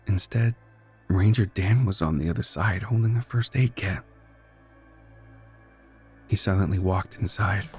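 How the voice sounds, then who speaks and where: A man narrating a first-person horror story in a measured, tense, brooding way. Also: sits low, faint music behind. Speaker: guest narrator.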